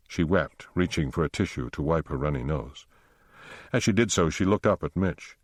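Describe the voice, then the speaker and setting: Deep-voiced male audiobook narrator. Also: normal speed, dry recording, clean studio sound.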